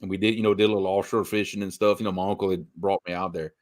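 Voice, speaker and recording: A middle-aged man from Louisiana with a softened south Louisiana Cajun accent, chatting casually as co-host and telling stories with animated asides. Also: low voice, rapid-fire. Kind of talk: casual chat.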